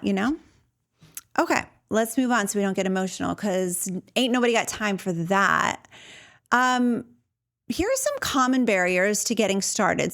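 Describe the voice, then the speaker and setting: A middle-aged woman hosting a solo podcast, talking candidly and earnestly, with many fillers and restarts. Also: mid-range voice. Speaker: podcast host. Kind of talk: casual solo podcast talk.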